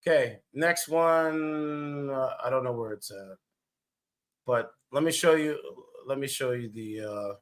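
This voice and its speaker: A man's voice: medium pitch, measured pace. A man giving casual, blunt reaction commentary, rambling and swearing as he goes. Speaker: streamer commentator.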